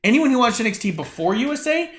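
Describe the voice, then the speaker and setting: A man co-hosting a casual wrestling podcast over drinks, talking in an animated, profane way and sometimes slipping into silly voices. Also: very high voice, fast. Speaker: podcast co-host.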